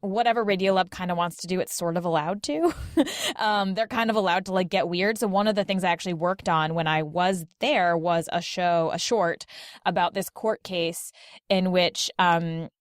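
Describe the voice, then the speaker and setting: A woman's voice: lowish voice, normal speed, no room sound, clean studio sound. A woman guest on a podcast, talking in a chatty, casual way with lots of "like" and "um" and frequent laughs. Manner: chatty, heavy use of "like" and "um", laughs often. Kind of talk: casual chat.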